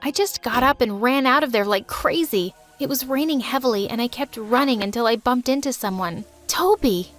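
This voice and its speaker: High-voiced young woman narrating a story. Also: fairly quick, hardly any pauses, faint music behind. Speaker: first-person narrator.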